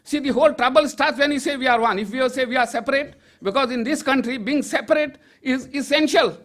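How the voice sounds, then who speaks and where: An older man delivers a public speech in a strikingly high voice. He argues emphatically and rhetorically and slips in dry, joking asides. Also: a little fast, a bit bright. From Goa, India. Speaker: public speaker. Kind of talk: political speech to an audience.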